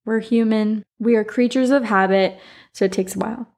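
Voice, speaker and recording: Woman, Southern accent, solo podcast host, slightly high voice, casual and chatty. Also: fairly even intonation, normal speed, darkish tone. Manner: chatty, rambling, many "like" fillers and asides.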